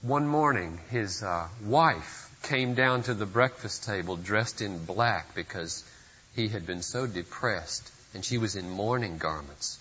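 A man's voice: fairly low pitch, unhurried, pushed and bright, husky, muffled recording. A pastor preaching a sermon at a church service, speaking earnestly and putting direct questions to his listeners.

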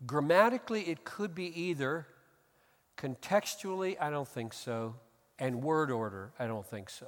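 A pastor delivering an expository sermon, earnest and emphatic, swinging from hushed tones to loud exclamations. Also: male voice, mid-range voice, expressive, normal speed. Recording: long hall reverb.

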